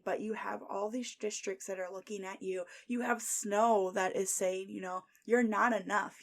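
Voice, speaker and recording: A young adult woman hosting a book podcast, chatting casually, laughing often and reading quotes aloud. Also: mid-range voice. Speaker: podcast host.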